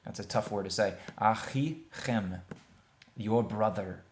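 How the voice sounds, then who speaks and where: Patient man slowly modeling Hebrew words. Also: on the low side, little pitch movement, a little mellow, slight background noise. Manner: plain, conversational, thinks aloud with fillers. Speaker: Hebrew teacher. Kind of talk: screen-share language lesson.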